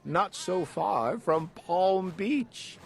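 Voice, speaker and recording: A man reading a rhyming children's story aloud in an animated, sing-song way, acting out the characters. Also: high-pitched, extremely slow, vocal fry. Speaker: storybook reader.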